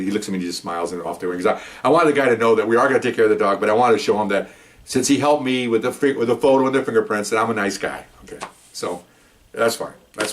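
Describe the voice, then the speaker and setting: Fast-talking older ex-cop storyteller. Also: male voice, mid-range voice. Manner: rambling, animated, frequent restarts and asides. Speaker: retired police officer. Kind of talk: casual anecdotal storytelling.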